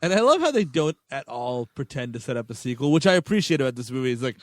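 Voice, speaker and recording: A man's voice: mid-range voice, sing-song, quick pace. A man co-hosting a podcast, chatting loosely about a film with lots of "like" and "you know". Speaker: podcast co-host. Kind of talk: casual movie review banter.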